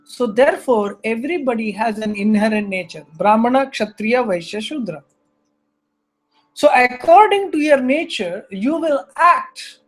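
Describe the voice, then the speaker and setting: High-voiced male storyteller teaching scripture. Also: unhurried. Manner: animated storyteller, acts out characters. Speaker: spiritual teacher. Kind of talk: scripture lecture with stories.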